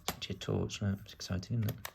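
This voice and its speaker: A man's voice: lowish voice, flat delivery, fairly quick, gravelly, darkish tone, a little hiss or hum. A British man from the UK giving casual build-along narration as a vlogger, chatty and full of wry asides while he works. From United Kingdom.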